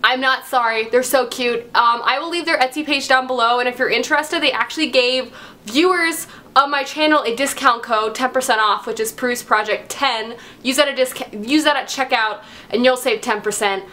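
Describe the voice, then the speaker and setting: A young woman talking casually in a book vlog, gushing and excitable. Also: fairly high pitch, normal speed. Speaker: book vlogger. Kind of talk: casual chat.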